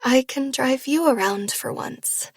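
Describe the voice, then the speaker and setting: A woman voicing an anxious young woman who pleads softly with her boyfriend. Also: sits high, a little slow, husky, no echo, voice pushed up. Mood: pleading. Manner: soft, pleading.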